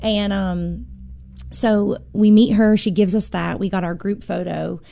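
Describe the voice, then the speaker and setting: A woman's voice: medium pitch, steady tone, measured pace, vocal fry, warm tone. A woman, a musician guest in an interview, telling an emotional story with many fillers.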